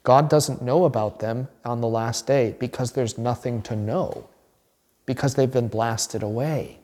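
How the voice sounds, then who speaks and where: A man's voice: medium pitch, unhurried, a little mellow. A man teaching as a pastor in a conversational, informal sermon, acting out little voices in his examples. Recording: reverberant hall.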